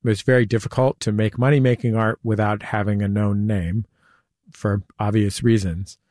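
A man with a low voice hosts a studio interview. He is relaxed, asks long, winding questions and drops in dry jokes. The sound is close and dry, with no echo. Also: moderate pace. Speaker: radio interview host. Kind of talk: conversational interview. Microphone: studio mic.

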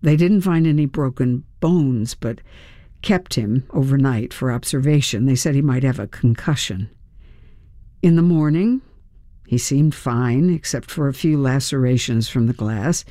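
A woman voicing a soft-spoken male cop. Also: rumbling low, a little slow, no room sound, studio quality. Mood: subdued, worried. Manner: quiet, hushed. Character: soft-spoken male police officer, worried dog handler. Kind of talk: audiobook character reading.

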